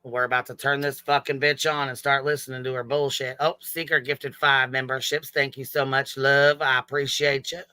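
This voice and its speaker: A man's voice: mid-range voice, level tone, moderate pace, hardly any pauses, pushed and bright, clear, resonant tone, no room sound. A man hosting a casual livestream, swearing freely, giggling and thanking chat members. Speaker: livestream host.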